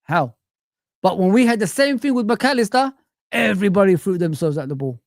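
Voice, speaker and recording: A man's voice: high voice, lively intonation, brisk, vocal fry, dry recording, studio quality. A young man hosting a fan livestream, ranting in an exasperated, repetitive way and swearing often. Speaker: fan channel livestream host. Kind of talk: casual livestream rant.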